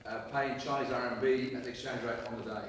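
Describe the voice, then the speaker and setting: Fast-talking South Australian man. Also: mid-range voice, fairly even intonation. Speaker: buyer's advocate. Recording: echoey room with faint noise.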